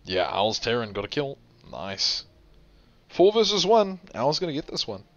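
A man hosting a game tournament stream, tired and with a sore throat, chatting in a relaxed, chuckling, rambling way. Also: medium pitch, moderate pace, no room sound. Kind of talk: casual live game commentary. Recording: dull lo-fi stream audio with game music. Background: faint game music.

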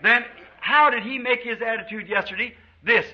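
A man's voice: very high voice, moderate pace, hardly any pauses. A man from the United States preaching a fervent sermon to a congregation in a church, drawing out quotes of scripture. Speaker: pastor. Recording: dull lo-fi old sermon tape.

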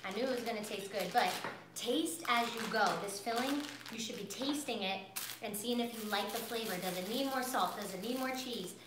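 A woman's voice: on the high side, moderate pace, noisy background. Bubbly woman teaching in an echoey kitchen. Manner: bubbly, chatty, talks straight to viewers. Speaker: cooking instructor. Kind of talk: live cooking class. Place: home kitchen.

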